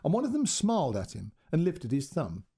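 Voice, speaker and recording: Husky, expressive male storyteller. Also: fairly high pitch, brisk. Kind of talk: short story reading.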